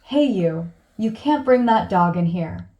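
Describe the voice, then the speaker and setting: A man's voice: sits high, animated, unhurried, mellow, lo-fi sound. A woman voicing a blunt male barkeep who turns sarcastic. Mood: stern. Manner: gruff, sarcastic.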